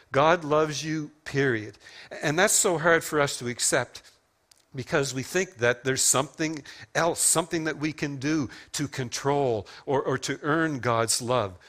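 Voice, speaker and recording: A man's voice: mid-range voice, fairly bright tone. Man preaching a conversational sermon. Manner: conversational, self-deprecating humor with the congregation. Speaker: pastor. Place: church service.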